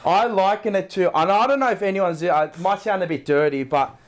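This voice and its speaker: A young man with a fairly high voice tells a story on a podcast in a casual chat. He talks in an animated way, swears freely and acts out what he and others said. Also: brisk. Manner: animated, swearing storyteller acting out his own lines. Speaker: podcast co-host.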